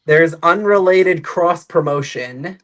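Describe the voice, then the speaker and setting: A man on a video call, chatting in a deadpan, joking way as a robot combat team member. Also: fairly high pitch, slow pace. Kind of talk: casual livestream chat.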